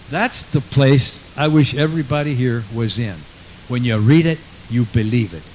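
A man preaching with fervent conviction, mid-pitched and earnest. He reads scripture aloud and keeps repeating his praise phrases. A faint hiss sits under the recording. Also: animated, normal speed, darkish tone, low-quality recording. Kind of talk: sermon.

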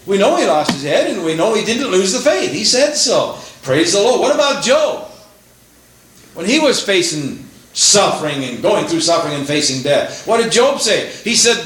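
An older man preaching a sermon in a church, animated, rising to exclaim praises, with frequent restarts. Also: sits high, moderate pace. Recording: echoey room with faint hum.

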